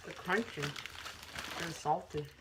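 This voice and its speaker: A laid-back woman talks slangy and easy in her bedroom while she eats, laughing often. Her voice sits on the low side. A clear hiss of noise runs through the home recording. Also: slow pace. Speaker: mukbang co-host. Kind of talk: casual chat while eating.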